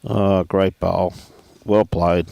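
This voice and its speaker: A man's voice: low voice, level tone, takes it slowly, gravelly, mellow. A man commentating lawn bowls in a laid-back, jokey way. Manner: laid-back, chatty, jokey, calls players mate.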